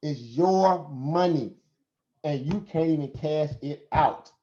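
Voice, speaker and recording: A man's voice: on the high side, takes it slowly, mellow. A man with a Southern American accent hosting a casual live stream, talking in a preachy way with rhetorical questions and frequent laughs. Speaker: host. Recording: roomy, dull lo-fi stream audio.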